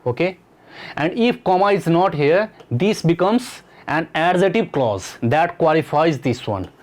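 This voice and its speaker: A man's voice: on the high side, expressive, a little slow. Man teaching grammar. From Nepal. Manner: repetitive, explaining step by step with questions to students. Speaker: English teacher. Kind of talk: exam-prep grammar lesson.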